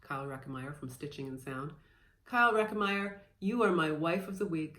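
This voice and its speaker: A woman's voice: lowish voice, lively intonation, fairly quick, a bit bright. A woman in her thirties chatting casually and playfully as she shows off her cross-stitch haul, a bit scattered with lots of fillers. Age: 30s. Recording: echoey room.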